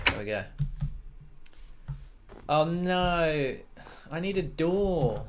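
Rambling, joking man with a lively voice. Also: a little high, drawn-out words, long pauses, a little hiss or hum. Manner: joking, rambling, talks to himself, makes silly sound effects. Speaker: let's play gamer. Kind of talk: casual gameplay commentary.

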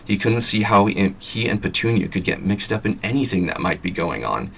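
A man's voice: on the low side, very animated, a little fast, vocal fry, a bit bright. A man reading a novel aloud with a scratchy throat, adding chatty asides now and then. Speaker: vlogger reading an audiobook.

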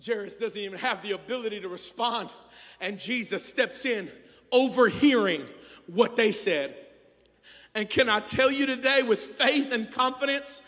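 A man preaching as a pastor, moving between quiet storytelling and shouted, fervent exhortation. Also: very high voice, a little slow, in a large hall. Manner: swings from hushed storytelling to shouting fervor. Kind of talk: sermon. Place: church sanctuary.

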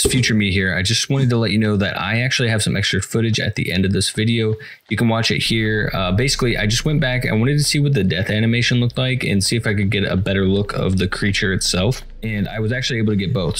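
A man doing let's-play commentary as a gaming YouTuber, jumpy and excitable and talking straight to his viewers. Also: fairly low pitch.

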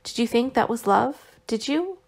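A woman's voice: on the high side, lively intonation, moderate pace, creaky, slightly rough, pitched above the performer's own voice, full character voice. A woman voicing an anxious, devoted young wife who pleads earnestly, in an audiobook reading. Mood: pleading.

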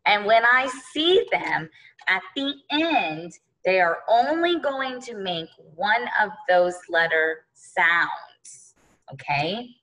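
Slow, patient woman phonics teacher. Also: medium pitch, expressive, sharp tone, rough recording. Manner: slow, patient, sounds out letters one by one; addresses children as friends, boys and girls. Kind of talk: early-grade phonics lesson.

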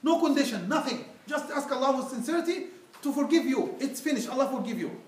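Man preaching, high pitched, earnest and pleading, echoey mosque hall, distant mic. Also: lively intonation, brisk, slight background noise. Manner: earnest, pleading, addresses listeners as brother. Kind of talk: Friday sermon.

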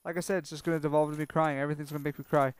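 A young man commentating his own gameplay, sarcastic and self-mocking, swearing freely and panicking out loud when things go wrong. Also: fairly high pitch, flat delivery, rapid-fire, clean tone. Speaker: let's play commentator.

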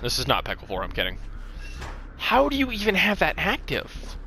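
A man giving live gameplay commentary who swears a lot and swings from low mumbles to loud shouts. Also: wildly swooping pitch, moderate pace, background noise. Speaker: gaming streamer.

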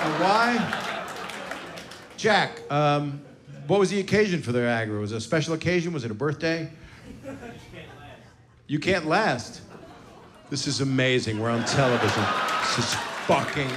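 Brash older male stand-up comic, noisy club. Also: a little high. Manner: brash, crowd-teasing, profane storytelling. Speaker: stand-up comedian. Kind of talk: stand-up comedy set. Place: comedy club stage before a live audience. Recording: noisy live club recording.

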